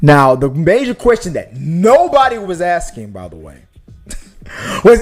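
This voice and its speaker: A man's voice: a little high, wildly swooping pitch, a little slow, faint music behind. Emphatic man hosting a movie livestream. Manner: emphatic, asks rhetorical questions. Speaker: podcast co-host. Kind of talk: casual live-stream movie talk.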